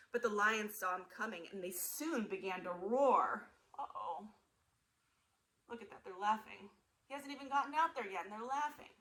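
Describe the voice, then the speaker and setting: A woman museum storyteller reading a picture book aloud to children, animated and asking them questions. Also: medium pitch, poor audio.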